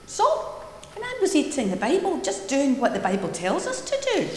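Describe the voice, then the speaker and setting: A woman minister leading a prayer and giving a playful, animated children's talk in a church service. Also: mid-range voice, normal speed, a little hiss or hum. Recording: echoey church hall with long reverb.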